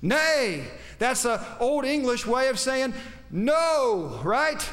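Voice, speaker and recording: A man's voice: very high-pitched, sing-song, takes it slowly, fairly bright tone. A man preaching a sermon, quoting scripture with emphasis and putting questions to his congregation. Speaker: pastor.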